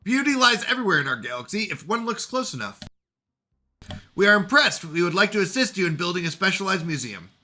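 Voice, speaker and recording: Man voicing a stately alien worm collective from a space game, brisk and lively in pitch. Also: exaggerated voice. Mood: formal. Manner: stately, formal message read quickly.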